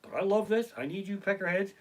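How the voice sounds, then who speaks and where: A high-pitched, quick-talking middle-aged man performs profane stand-up storytelling live from his living room. Animated throughout, he acts out the other people in his stories, heard through a basic home streaming mic.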